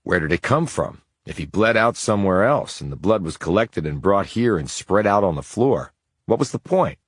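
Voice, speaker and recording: A man's voice: low-pitched, sing-song, moderate pace, slightly rough, dry recording, clean studio sound, pitched above the performer's own voice, full character voice. A man voicing a businesslike male police detective, in a whispered role-play audiobook reading, asking probing questions.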